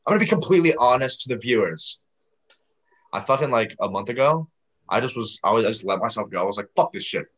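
A man's voice: medium pitch, expressive, quick pace, a bit bright. A teenage boy hosting a podcast, chatting loosely with friends, swearing often and laughing easily. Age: teens. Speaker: podcast host. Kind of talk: casual chat with friends.

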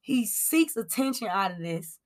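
A woman hosts a loose celebrity gossip commentary at a middling pitch, talking straight to her viewers. She is blunt and animated, swears freely and stumbles over her notes with plenty of ums. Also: measured pace. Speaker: commentary show host.

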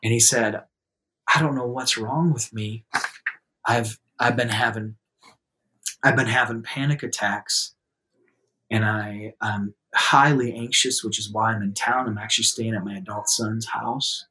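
A man telling a personal story in a relaxed, conversational way, acting out quotes and turning soft in serious moments. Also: unhurried. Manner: lively anecdotal telling, acts out quotes in a raised voice; laughs easily, drops to a soft low voice in serious moments. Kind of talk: casual storytelling.

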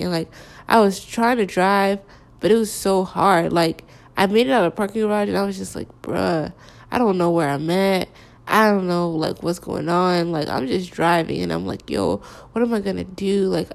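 Young woman with vocal fry, halting. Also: medium pitch. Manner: halting, hesitant, full of "like" fillers. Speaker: storyteller. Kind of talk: candid personal storytime.

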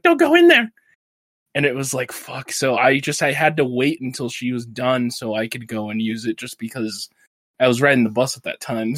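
A podcast co-host, stuffy from a sinus infection, tells stories in casual chat, laughing often and narrating with animation. His voice is medium-pitched, and the recording is dry, clean studio sound.

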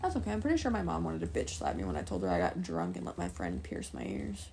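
A woman co-hosting a casual podcast chat at home by a computer, playful and teasing with deadpan jabs. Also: low-pitched, fast, gravelly, slight background noise. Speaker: podcast co-host. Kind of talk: casual chat while gaming.

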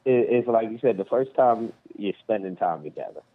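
A man's voice: on the low side, expressive, moderate pace. A man co-hosting a casual podcast chat, laid-back and hesitant, full of fillers. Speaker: podcast co-host. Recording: tinny phone-like line.

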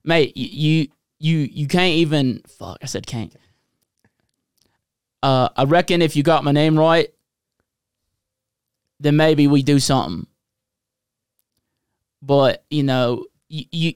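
A man's voice: on the high side, unhurried, pauses often, clear, resonant tone, dry recording, clean studio sound, lightly acted. A man doing a clumsy put-on Australian accent, stumbling and swearing. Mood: teasing.

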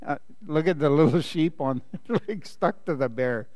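A man, a pastor, reading a children's story aloud during a sermon, animated and playful with laughing asides. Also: on the high side, unhurried, big-room sound.

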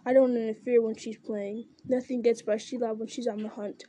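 A woman voicing a gruff, stern male orc captain who growls out blunt orders in an audiobook reading. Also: fairly high pitch, little pitch movement, fairly quick, warm tone, natural voice. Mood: boastful.

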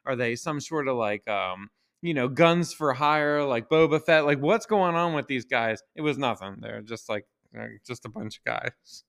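Bright-voiced man ranting with heavy profanity. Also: mid-range voice, normal speed. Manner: profane, exasperated, rhetorical questions. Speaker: podcast host. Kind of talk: casual ranting monologue.

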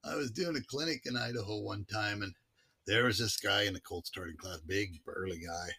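Gravelly, bright-voiced man telling stories. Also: on the low side, moderate pace. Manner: drawling storyteller with fillers. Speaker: mule clinician guest. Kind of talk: casual interview talk.

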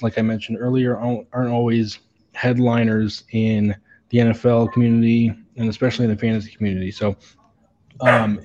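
A man's voice: medium pitch, mellow, dull audio. A man co-hosting a sports podcast, breaking down players with many fillers and repeated words. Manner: analytical, hesitant fillers and repeats. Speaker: podcast co-host. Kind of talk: casual sports podcast chat.

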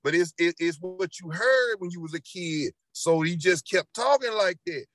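A man's voice: sits high, expressive, normal speed, a bit bright. A middle-aged man with a Memphis Southern accent, talking earnestly and repetitively as a guest in a casual interview. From Memphis, Tennessee. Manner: earnest, repetitive, preachy storytelling. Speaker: rapper guest.

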